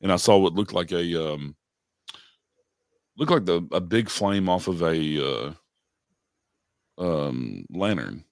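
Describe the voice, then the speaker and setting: A man co-hosting a podcast speaks in a very deep voice. He tells stories in unhurried casual chat, with plenty of ums and uhs. The recording is dry, with no room echo. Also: lively intonation, creaky. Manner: unhurried storytelling with many fillers. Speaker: podcast co-host.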